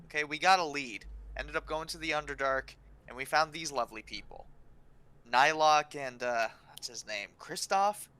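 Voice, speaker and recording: A man's voice: on the high side, moderate pace, sharp tone, clear, resonant tone. A man voicing a hesitant lost sailor. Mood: evasive. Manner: hesitant, full of ums, then prickly. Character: evasive lost human sailor, proud of his ship.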